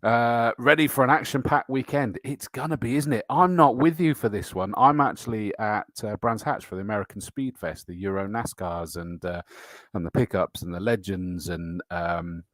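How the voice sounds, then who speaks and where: A man's voice: fairly low pitch, moderate pace, a bit bright, no room sound. A middle-aged man hosting a motorsport livestream show, greeting viewers by name in a matey, casual way with lots of fillers. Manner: chatty and matey, frequent fillers and laughs. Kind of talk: casual live-stream chat reading viewer comments.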